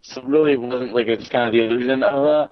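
A man's voice: medium pitch, fairly even intonation, quick pace, muffled recording. A man chatting casually about video games on a podcast, rambling with lots of fillers and restarts.

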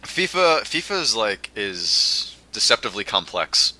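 A man's voice: lowish voice, sing-song, measured pace, pushed and bright, no room sound. A man chatting casually about video games, laid-back, laughing often and swearing offhandedly. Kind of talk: casual gaming chat.

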